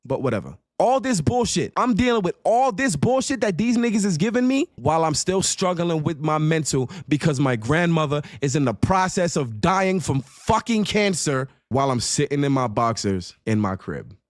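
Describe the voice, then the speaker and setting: A man's voice: on the high side, big pitch swings, normal speed, hardly any pauses, dry recording, studio quality. Heated, profane man in his thirties. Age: 30s. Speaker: streamer telling a story. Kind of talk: profane storytelling rant.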